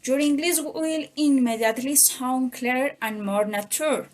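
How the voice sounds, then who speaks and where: A young woman from Colombia with a Colombian accent, a native Spanish speaker reading her part of a class presentation in a measured way. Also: high voice. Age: young adult. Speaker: student presenter.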